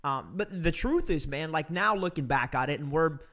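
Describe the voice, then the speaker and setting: Upbeat podcast host man, slightly high. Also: lively intonation, moderate pace, bright, forceful tone. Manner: upbeat, emphatic, calls listener "dude" and "man". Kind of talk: casual motivational interview talk.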